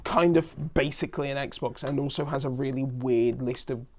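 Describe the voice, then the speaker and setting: A man's voice: medium pitch, fairly even intonation, moderate pace, a little mellow, a little hiss or hum. A man co-hosting a casual tech chat, reading out hardware specs and correcting himself as he goes. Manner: reads out specs, self-corrects. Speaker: co-host.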